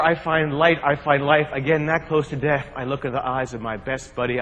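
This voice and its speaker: A man from New Jersey giving a humorous keynote speech, telling adventure stories in an animated, joking way. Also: on the high side, a little fast, few pauses. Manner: animated, jokey, acts out shouts and quotes. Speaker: keynote speaker. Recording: long hall reverb.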